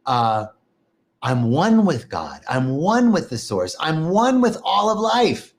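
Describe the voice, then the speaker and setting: A man preaching a sermon, telling animated stories, laughing often and swearing casually. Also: medium pitch, unhurried. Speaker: minister. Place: lives in Costa Rica.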